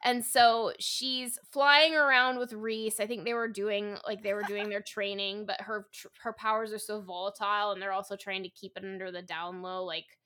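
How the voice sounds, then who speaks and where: A woman's voice: mid-range voice, little pitch movement, moderate pace, few pauses, pushed and bright. A young adult woman co-hosting a podcast, recapping a story in a casual, chatty way with lots of "like" and "you know". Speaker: podcast co-host. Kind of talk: casual book discussion.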